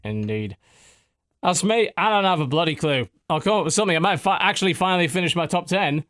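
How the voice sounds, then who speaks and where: A man's voice: high-pitched, lively intonation, fast, fairly bright tone, no echo, clean studio sound. A man hosting a podcast with a strained voice, talking in a blunt, sardonic way and swearing freely. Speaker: podcast host. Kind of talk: casual podcast chat.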